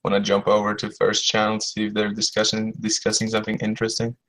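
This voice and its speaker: A man's voice: on the low side, completely flat delivery, fast talker, fairly bright tone, poor audio. A man in casual chat, easygoing and rambling, who swears freely.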